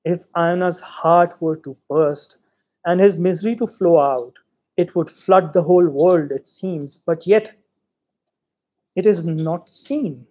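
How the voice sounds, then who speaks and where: A man reading a short story aloud in an expressive, theatrical way. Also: fairly high pitch, slow. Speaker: reader.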